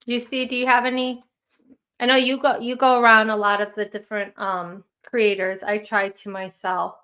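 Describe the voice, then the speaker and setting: A woman's voice: fairly high pitch, level tone, moderate pace, bright, forceful tone. A woman with a Chicago accent hosting a casual livestream chat, rambling and chatty with lots of fillers. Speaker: livestream host.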